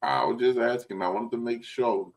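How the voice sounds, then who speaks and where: A man co-hosting a casual podcast chat about comics and films, hesitant and halting, often restarting his sentences. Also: mid-range voice, steady tone, rough recording. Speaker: podcast co-host.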